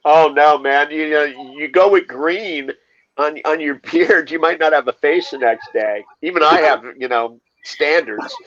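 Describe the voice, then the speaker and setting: A man's voice: fairly high pitch, unhurried, fairly bright tone, no room sound. A man co-hosting a casual chat, trading dry jokes. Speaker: co-host. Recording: dull lo-fi sound.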